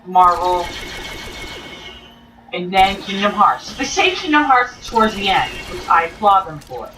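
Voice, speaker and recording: A woman vlogger tells an event story in an eager, rambling way, slipping into acted-out quotes. Her voice sits back from the mic in a reverberant room. A steady wash of background noise runs under her. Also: mid-range voice, normal speed. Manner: excited, rambling, acts out quotes. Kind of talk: casual event recap. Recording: roomy, distant, noisy.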